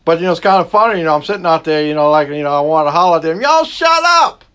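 A man's voice: a little high, steady tone, rapid-fire, fairly bright tone, clear, resonant tone. A man preaching a sermon as a pastor, in a folksy, conversational way. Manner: folksy, conversational preaching with Southern turns of phrase.

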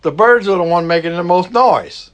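A man's voice: high voice, lively intonation, normal speed, fairly bright tone. A man preaching a sermon as a pastor, in a folksy, conversational way. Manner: folksy, conversational preaching with Southern turns of phrase.

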